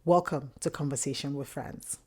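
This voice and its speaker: A young woman hosting her own podcast, telling a personal story in a candid, animated way and acting out quotes. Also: extremely low pitch, moderate pace. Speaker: podcast host. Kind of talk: personal solo podcast talk.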